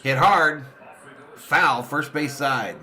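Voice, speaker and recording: A man hosts a live fan watch party and does his own excited play-by-play. Between pitches he reads viewer comments aloud. His voice sits a little high and sounds bright and forward. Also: drawn-out words. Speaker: sports fan streamer and watch-party host.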